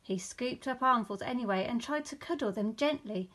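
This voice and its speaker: Woman reading a bedtime story. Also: a little high. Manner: slow, expressive storytelling. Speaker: teacher. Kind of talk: reading a bedtime picture book aloud.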